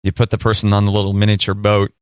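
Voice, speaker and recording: A man's voice: fairly low pitch, completely flat delivery, quick pace, clean tone, dry recording, clean studio sound. A man in his thirties co-hosting a podcast, teasing dryly and laughing often in casual chat. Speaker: podcast co-host.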